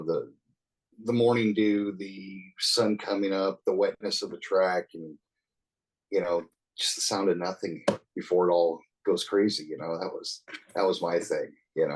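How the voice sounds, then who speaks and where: Low-voiced man in his sixties, rambling. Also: a little mellow, low-quality recording. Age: 60s. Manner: rambling, peppered with "you know", chuckles often. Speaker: podcast guest. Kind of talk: casual storytelling.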